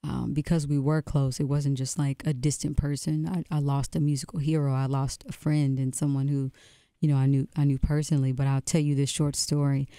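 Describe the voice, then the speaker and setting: Mellow, smooth-voiced woman musician guest. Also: a bass voice, level tone, a little fast, dry recording. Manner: reflective, restarts phrases often. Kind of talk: radio interview, storytelling. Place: radio studio.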